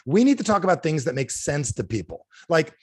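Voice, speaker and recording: Animated man giving a sales pep talk. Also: fairly high pitch, a little fast, husky, dry recording, clean studio sound. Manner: animated, asks the audience repeated questions. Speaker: motivational speaker. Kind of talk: energetic sales training talk. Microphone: video call.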